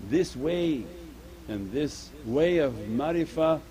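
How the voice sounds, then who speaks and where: A man's voice: a little high, animated, takes it slowly, mellow, low-quality recording. A man giving an earnest Sufi sermon, repeating his points and mixing Arabic religious terms into English. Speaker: Sufi teacher.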